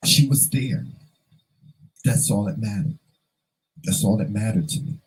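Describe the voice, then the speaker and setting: A man's voice: on the low side, expressive, a little slow, breathy edge, low-quality recording. A man vlogger telling a personal story in an earnest, emotional way, fighting back tears and repeating phrases for emphasis.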